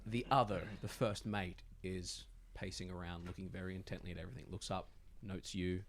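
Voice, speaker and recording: A man with a lowish voice runs a tabletop game as game master. He narrates the scene in loose, rambling descriptions, stopping often on fillers as he searches for the next word. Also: steady tone, fairly quick, slight background noise.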